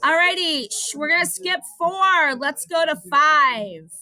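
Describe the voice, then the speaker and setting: A woman's voice: high-pitched, lively intonation, slow, bright, forceful tone. A middle-aged woman teaching a math class, casual and chatty, mixing instructions with personal stories.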